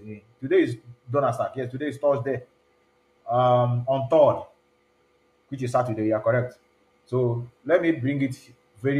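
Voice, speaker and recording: Male stream host, chatty code-switcher, mid pitch, echoey room. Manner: chatty, mixes English with Igbo and pidgin. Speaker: online show host. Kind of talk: casual live-stream talk. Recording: roomy echo.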